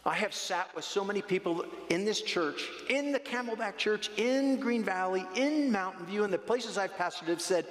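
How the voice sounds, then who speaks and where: Male pastor, emphatic sermon, fairly high voice, roomy church hall. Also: normal speed, hardly any pauses. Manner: emphatic, conversational, acts out voices. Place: church sanctuary.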